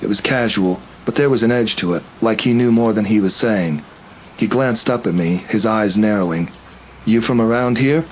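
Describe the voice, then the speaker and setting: A man tells a first-person horror story in a steady, tense way. His voice sits fairly low, and a faint hum lies under the recording. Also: moderate pace, poor audio. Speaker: narrator.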